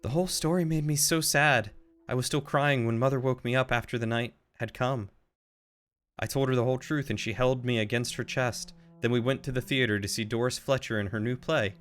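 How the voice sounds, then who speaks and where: A man's voice: mid-range voice, steady tone, brisk, a bit bright, faint music behind, lightly acted. A man voicing a young upper-class woman reading her diary, in a shaky put-on British accent that slips into Irish. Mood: sad. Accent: shaky put-on British, slipping into Irish.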